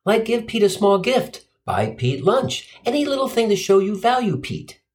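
A man's voice: sits high, sing-song, moderate pace, darkish tone. A middle-aged man from Cincinnati delivering a sardonic, profane comic monologue. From Cincinnati, USA. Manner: sardonic, profane, punchline-driven. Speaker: stand-up comedian.

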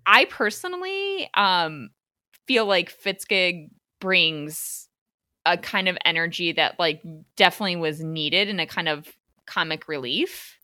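A woman hosting a casual film discussion, chatty and animated with lots of fillers. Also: on the low side, a little slow, no room sound, studio quality. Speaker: podcast host.

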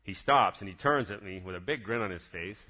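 A man with a fairly low but bright, forceful voice recounts a personal faith story. He talks casually and gets excited, restarting his sentences as he goes. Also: a little fast. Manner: lively, excited retelling with many restarts. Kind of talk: casual spoken testimony storytelling.

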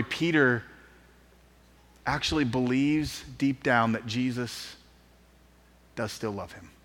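A man preaching a sermon, telling the story vividly and acting out the quotes in an auditorium. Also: a little high. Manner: lively storytelling, acts out quotes. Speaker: pastor. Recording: long reverb in an auditorium.

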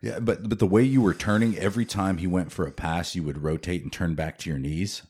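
Podcast host, man, extremely low voice, husky edge, easygoing filler-heavy banter. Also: steady tone, a little fast, a little mellow. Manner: laid-back, filler-heavy, says "dude" often. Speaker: podcast host, jiu-jitsu teammate. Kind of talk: casual chat.

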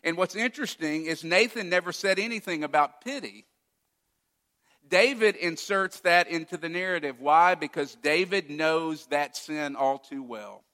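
A man's voice: a little high, normal speed, sharp tone. A man preaching a sermon as a pastor, retelling a story and acting out its quoted lines with feeling. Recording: long hall reverb.

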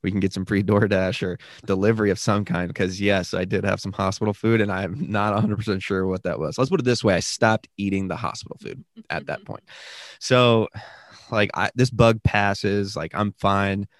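A young man talks through a story in an easy, rambling way, with lots of fillers and sudden bursts of energy. His voice sits a little low. The sound is dry and close. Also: moderate pace, dry recording. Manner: animated, rambling with many fillers. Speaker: podcast guest, new father. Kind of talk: casual storytelling chat.

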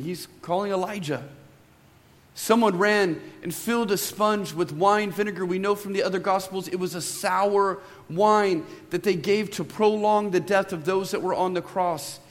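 A man in his thirties preaching a sermon as pastor, reading scripture dramatically with emphatic swells and drawn-out phrases, then telling a relaxed story with asides to the congregation. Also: high voice. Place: church sanctuary. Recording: long hall reverb.

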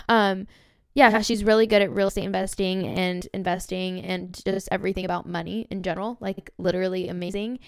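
A woman's voice: mid-range voice, fast, creaky, clear, resonant tone. Bubbly nineteen-year-old woman storyteller. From Southern California. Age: young adult, around 19. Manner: bubbly, excitable, heavy use of "like" and "literally". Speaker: podcast host. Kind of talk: casual storytelling monologue.

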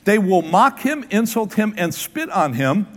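A man's voice: sits high, sing-song, a little slow, in a large hall. A man, the lead pastor, preaching a sermon in an emphatic way, often repeating words and restarting.

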